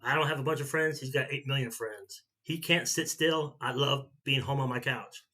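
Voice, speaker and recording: Fifties male vlogger, bright forward tone, casual rambling chat. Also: mid-range voice, normal speed. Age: 50s. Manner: rambling storyteller who repeats and restarts himself.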